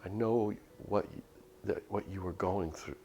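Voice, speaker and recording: A frail man in pain from a game story, his speech faint, strained and gentle as a man reads him aloud. The voice sits very low with a gravelly edge. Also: fairly even intonation, a little slow, highs cut off, a little hiss or hum. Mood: weak. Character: weak, ailing man in pain.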